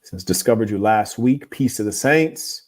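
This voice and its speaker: A man hosting an advice show, reading viewer letters aloud and giving blunt, moralizing opinions in a calm, lecturing way. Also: lowish voice, normal speed. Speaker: host.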